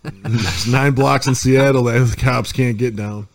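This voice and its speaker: A man's voice: medium pitch, a little slow. A man hosting a casual podcast with friends, laid-back and joking as he runs the show. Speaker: podcast host.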